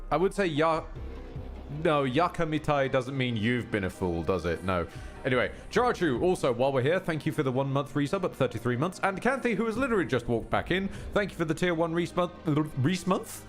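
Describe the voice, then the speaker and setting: Lively, wry man streaming. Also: a little high, fairly quick, faint music behind. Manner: chatty, wry, self-mocking, thanks chat. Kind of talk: casual live-stream chat.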